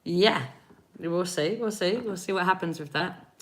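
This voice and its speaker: In this clip, an English woman in her forties does live energy readings, chatting with stream viewers and laughing a lot. Her voice is lowish and a touch slow.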